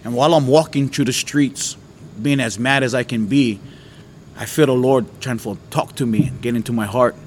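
A man from Hawaii telling a lively personal testimony, shouting out parts of the story. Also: mid-range voice, moderate pace, a little hiss or hum. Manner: animated storyteller, shouts when reenacting. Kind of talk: casual testimony.

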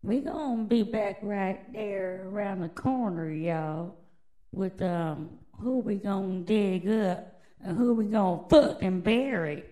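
A woman's voice: medium pitch, slow pace, mellow, poor audio. A woman hosting a podcast alone, delivering a crude, rambling, mock-conspiratorial monologue full of swearing. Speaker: podcast host.

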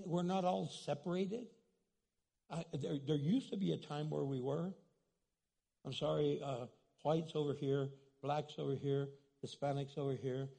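Husky, gravelly male preacher. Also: high-pitched, warm tone. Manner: preaching with many restarts and quoted asides. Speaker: pastor. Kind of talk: sermon.

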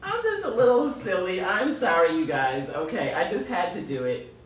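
A woman hosting a casual chat show at home, her voice lively and swinging up and down. She sounds playful and giggly. She sits back from the mic in a roomy room with faint ambience behind her. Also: on the low side, moderate pace, distant mic, slight background noise. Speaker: podcast co-host, mother.

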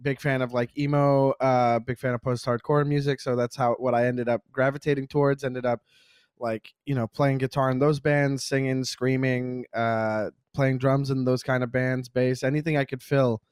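A man who is a comedian and music producer, a guest on a podcast, telling stories in a relaxed, chatty way and acting out the lines of the people in them. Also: medium pitch, normal speed, clean tone, dry recording, studio quality. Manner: relaxed storyteller who acts out dialogue. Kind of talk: casual comedic chat.

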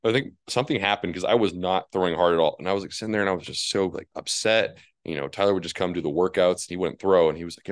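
A man in his twenties, a college pitcher, telling baseball stories in casual chat and acting out the people he quotes. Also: very fast, hardly any pauses, no echo, clean studio sound. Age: 20s. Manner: animated storyteller, acts out quotes in high voices.

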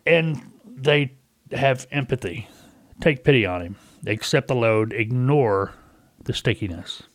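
A man's voice: mid-range voice, animated, measured pace, no echo. A middle-aged man hosting a casual talk radio show, telling a folksy story and acting out a caller's lines.

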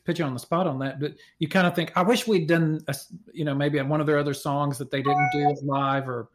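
A man's voice: a little high, steady tone, fairly quick. A man interviewing a guest, asking long questions that he rephrases as he goes.

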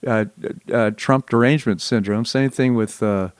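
A man's voice: medium pitch, normal speed, clear, resonant tone, no room sound. Chatty male talk show host, dry sound. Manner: conversational, chuckles often. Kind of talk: casual political chat.

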